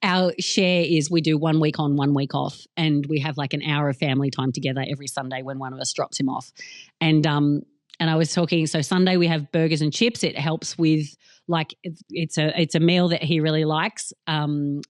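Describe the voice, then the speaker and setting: A woman's voice: sits low, little pitch movement, moderate pace, dry recording. Australian comic, woman, middle-aged, candid podcast guest who laughs often; dry close sound. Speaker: guest comedian. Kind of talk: casual podcast chat.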